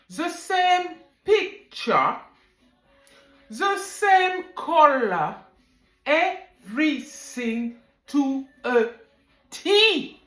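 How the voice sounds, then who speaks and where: A woman who runs an online business, telling her own story in a vlog with animated, emphatic delivery. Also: high-pitched, drawn-out words, pauses often, roomy sound, faint music behind, rough recording.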